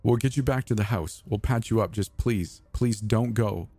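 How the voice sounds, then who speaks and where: A man's voice: mid-range voice, quick pace, a little mellow, no echo, soft background music, voice pushed up, close to an everyday voice. A man voicing a desperate young man who pleads through tears, his voice breaking. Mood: tearful pleading.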